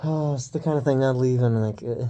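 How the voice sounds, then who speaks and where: A man's voice: medium pitch, a little fast, warm tone. A man rambling in loose, self-deprecating tangents while lying on the floor indoors and filming himself on a phone he holds above his face. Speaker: vlogger. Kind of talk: rambling casual monologue to camera. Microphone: phone held overhead in one hand.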